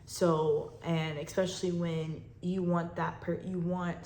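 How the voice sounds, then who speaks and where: A woman's voice: lowish voice, little pitch movement, slow pace, darkish tone. A woman hosting a faith podcast, talking about personal pain, reflective and close to tears at times. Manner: emotional, fighting tears, reflective. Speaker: podcast host. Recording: echoey room with faint noise.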